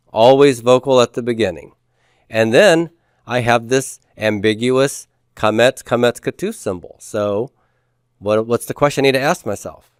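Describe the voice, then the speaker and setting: A man's voice: mid-range voice, no echo, clean studio sound. A man reviewing homework as a teacher, patiently asking questions, answering them himself, and drawing out key words. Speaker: Hebrew teacher.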